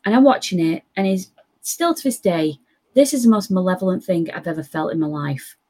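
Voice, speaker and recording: A young woman telling a spooky personal story in casual chat, lively and quoting others. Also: lowish voice, a little fast, slightly rough. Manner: animated, quotes others in voices.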